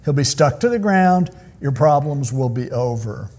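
Man doing an impulsive soldier: casual, brash, reassuring, with a husky tone. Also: mid-range voice, animated, moderate pace, darkish tone. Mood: eager. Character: eager impulsive young male soldier.

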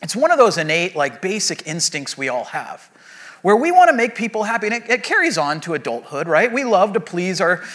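A man in his thirties or forties gives a conversational sermon. His tone is bright and somewhat high for a man, and he tells stories with frequent fillers and restarts. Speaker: pastor.

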